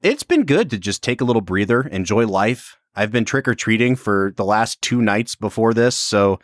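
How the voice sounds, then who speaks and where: Low-voiced, joking podcast host. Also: male voice, expressive, normal speed, no room sound, clean studio sound. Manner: joking, teasing. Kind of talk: casual chat.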